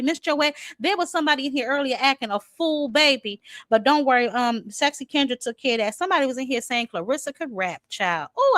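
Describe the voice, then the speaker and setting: A woman's voice: sits high, fairly bright tone, no room sound. A chatty woman hosts a boxing live stream and banters with her viewers, greeting them by name and teasing them. She talks with lots of fillers and restarts. The recording is dry and close, with almost no room sound. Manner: filler-heavy with many restarts. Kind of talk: casual live stream commentary.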